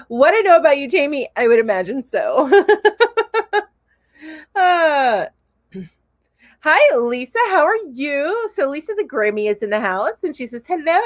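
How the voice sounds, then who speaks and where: Bubbly woman chatting on a live stream, high voice that jumps all over, close dry mic. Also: no room sound. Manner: bubbly, giggly, coos at her cat. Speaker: live show host. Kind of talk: casual live-stream chat, reading comments.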